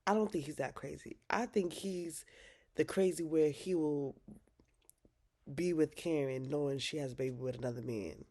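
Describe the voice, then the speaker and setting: A woman's voice: low-pitched, moderate pace, warm tone. A woman vlogger recapping a TV drama episode in casual, slangy talk, swearing freely.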